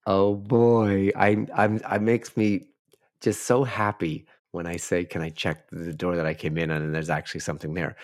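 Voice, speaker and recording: A man's voice: deep voice, level tone, normal speed, no room sound, clean studio sound. An Australian man chatting casually as a guest player in a mystery game, chatty and self-mocking.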